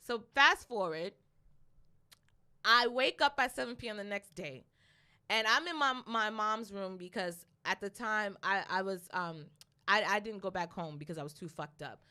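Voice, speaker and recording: A young adult woman co-hosting a podcast, telling a story in a casual, animated way, with plenty of profanity and laughter. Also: mid-range voice, normal speed, clean tone. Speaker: podcast co-host.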